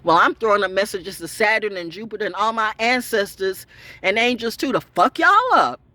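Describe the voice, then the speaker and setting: A woman broadcaster talking in a profane, unscripted rant, swinging from loud high outbursts to low mutters. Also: lively intonation, normal speed, dry recording. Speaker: online storyteller and broadcaster. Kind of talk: unscripted ranting monologue.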